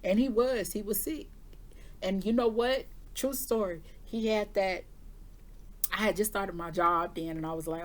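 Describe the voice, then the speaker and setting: A woman's voice: medium pitch, moderate pace. A woman who does intuitive readings, telling her viewers a personal story in a candid, chatty way. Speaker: intuitive reader giving weekly forecasts.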